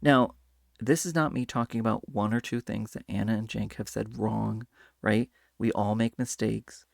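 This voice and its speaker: A man's voice: lowish voice, steady tone, moderate pace, creaky, no room sound, studio quality. A man hosting a casual political commentary video, talking animatedly and slipping into mocking voices when he quotes people. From Hispanic Latino background. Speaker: commentary channel host.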